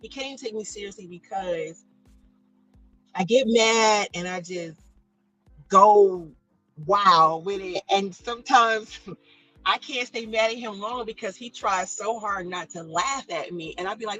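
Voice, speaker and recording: A woman's voice: mid-range voice, unhurried, sharp tone, soft background music, rough recording. A middle-aged woman hosting a live stream, chatting casually with her viewers and reading their comments, laughing often and pronouncing every syllable carefully. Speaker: livestream host reading chat. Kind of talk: casual chat.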